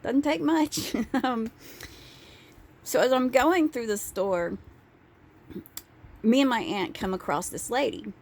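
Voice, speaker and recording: Slow-talking woman telling a story. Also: on the high side, gravelly. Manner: animated, profane, laughing asides. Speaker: vlogger. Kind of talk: casual storytelling vlog.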